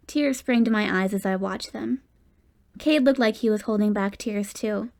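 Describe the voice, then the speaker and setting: A woman reading a first-person audiobook in a steady, expressive narration. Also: medium pitch, brisk.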